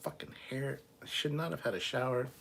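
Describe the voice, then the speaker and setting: A man's voice: medium pitch, a little fast, creaky, fairly bright tone, a little hiss or hum. A man hosting a casual live stream, reading viewer comments aloud and answering offhand, sometimes swearing. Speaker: livestream host reading chat.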